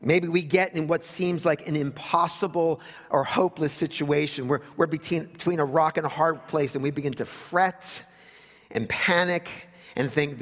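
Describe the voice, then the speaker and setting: A man preaching a sermon in a conversational way, with wry asides, sometimes dropping to a hush for emphasis. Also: a little high, moderate pace, in a large hall. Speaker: pastor.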